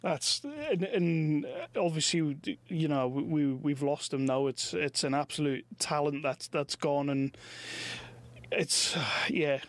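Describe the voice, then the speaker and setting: A man hosting an interview, speaking in a reflective and halting way. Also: a little high, dry recording. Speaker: podcast host. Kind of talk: casual interview chat.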